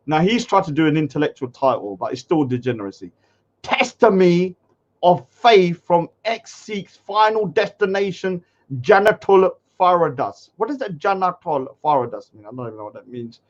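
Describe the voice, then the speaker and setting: A man's voice: high voice, lively intonation, normal speed. A man commenting scornfully on a livestream, mocking comments. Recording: dull lo-fi stream audio.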